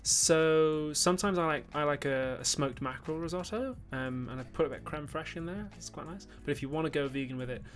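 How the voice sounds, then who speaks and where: A man's voice: fairly high pitch, fairly quick, few pauses. Geordie male host, casual stream chat, loose and rambling with mock-outraged bursts, faint music under. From Newcastle, northern England. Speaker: YouTube host on a livestream. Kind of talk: casual live-stream chat reading super chats.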